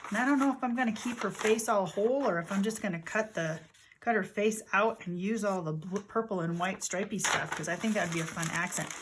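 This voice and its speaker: An older woman with a medium-pitched, slightly fast voice chats casually while working on a journal, rambling and thinking aloud about her materials. Paper crinkles and other background noise can be heard.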